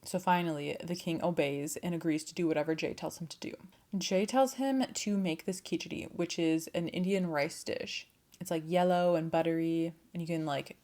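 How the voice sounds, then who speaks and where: A young woman tells an old folktale in a loose, chatty way, dropping swear words and laughing asides into the story. Her voice sits a little low for a woman. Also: darkish tone. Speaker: storyteller and channel host. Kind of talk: casual storytelling with voiced quotes.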